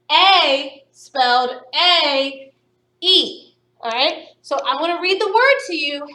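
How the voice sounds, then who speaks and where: A woman teaching young children phonics, stretching out each sound slowly and praising them warmly. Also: high voice, distant mic. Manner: slow, stretched-out sounding of words for young pupils; encouraging, upbeat praise. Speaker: primary school teacher. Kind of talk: recorded phonics lesson. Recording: echoey room, voice somewhat off-mic.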